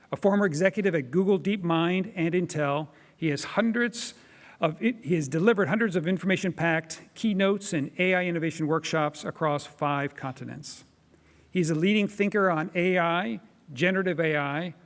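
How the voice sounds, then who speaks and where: A man hosting a conference who reads out a measured introduction of the keynote speaker. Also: a little high. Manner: measured, reading from notes. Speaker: event host introducing the keynote. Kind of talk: read introduction. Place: large conference hall. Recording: hall reverb.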